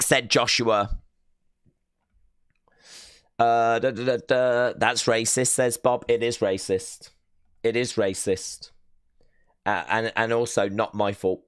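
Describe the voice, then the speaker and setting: A man's voice: fairly low pitch, slow, pauses often, clean tone, dry recording, studio quality. A man hosting a live watch-along stream, chatting casually and rambling a little as he reads out viewer messages. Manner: chatty, rambling, self-mocking, with fillers.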